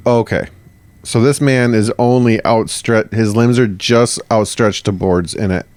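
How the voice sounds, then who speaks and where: A man co-hosting a casual history podcast, asking questions and joking in an animated way. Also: on the low side, a little slow, clean tone. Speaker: podcast co-host.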